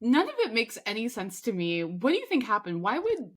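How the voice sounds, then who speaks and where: A woman's voice: a little high, huge pitch swings, brisk. A woman co-hosting a podcast, chiming in with enthusiastic agreement and questions to the guest. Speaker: podcast co-host. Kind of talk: casual pop-culture chat.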